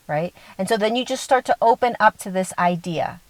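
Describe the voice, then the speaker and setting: A woman's voice: on the low side, brisk, few pauses, a little mellow, no room sound, low-quality recording. A woman giving a spiritual talk as a teacher, earnest and often checking in with the listener.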